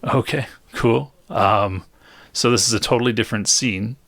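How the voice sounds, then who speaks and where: A man running a tabletop game as game master, narrating scenes and asking questions in a relaxed way, laughing easily. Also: lowish voice, normal speed, gravelly, no echo.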